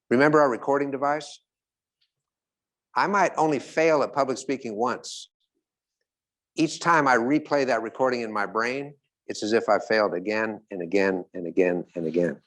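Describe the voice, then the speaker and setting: A man speaking as a motivational speaker, telling stories to a live audience, asking it questions and slowing down on key points. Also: mid-range voice, a bit bright.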